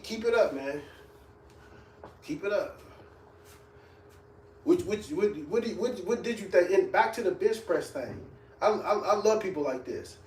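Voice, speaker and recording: A blunt, profane man who trains people, mocking viewers as he reacts to comments, his voice sitting a bit high. He sounds set back from the mic in an echoey room, with a faint hiss underneath. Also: darkish tone, recorded from a distance. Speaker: fitness trainer.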